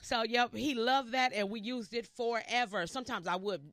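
A woman's voice: fairly high pitch, moderate pace, no echo. A woman in her fifties from Inglewood, California, a hairstylist telling stories from her career as an interview guest. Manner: animated storyteller acting out quoted voices. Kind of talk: storytelling interview.

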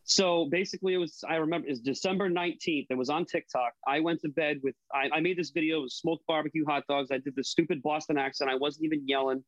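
A man with a slightly high voice chats casually as a guest, full of fillers and swearing. The sound is dull and very dry, recorded close with no room. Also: fairly even intonation, quick pace, hardly any pauses, no echo. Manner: chatty, profane, hesitant fillers. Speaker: guest, online cooking creator. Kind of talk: casual podcast chat.

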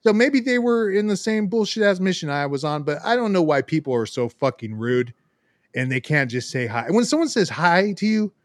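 A man with a high-sitting voice tells a story in casual podcast chat at a moderate pace, recorded dry in a clean studio. He's profane and animated, swearing a lot and acting out the voices of the people involved.

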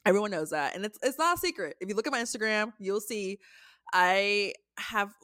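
A woman co-hosting a podcast in a casual chat, animated and chatty, swearing freely. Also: medium pitch, fairly quick, no echo, clean studio sound. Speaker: podcast co-host.

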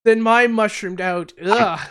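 A man from Canada hosting a podcast in casual chat, high on mushrooms, rambling and giggling with slangy talk. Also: unhurried, fairly bright tone, clean tone. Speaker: podcast host.

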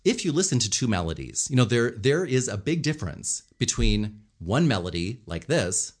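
A man with a mid-range voice speaks at a normal speed as a communication coach, explaining body language and vocal melody. He's animated, acting out different tones and gestures as examples in this instructional commentary on speaking.

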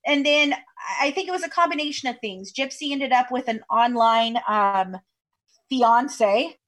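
A woman's voice: sits high, measured pace, fairly bright tone. Chatty woman telling a story. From Kentucky. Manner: chatty storyteller with many fillers. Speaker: podcast guest. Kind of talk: casual interview chat over video call. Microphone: video call.

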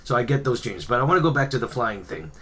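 A man in casual chat, recounting dreams in a halting, searching way with many restarts. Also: mid-range voice, sing-song, bright, forceful tone.

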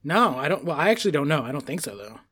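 Animated New man, casual chat. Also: fairly high pitch, very fast, slightly rough. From New York. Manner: animated, laughing, swears freely.

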